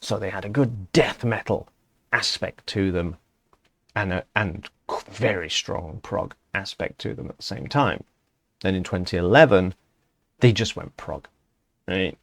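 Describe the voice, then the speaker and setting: A man's voice: low-pitched, measured pace, vocal fry. A middle-aged man hosting a music vlog, chatting casually in a rambling way and correcting himself as he goes. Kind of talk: casual spoken opinion piece.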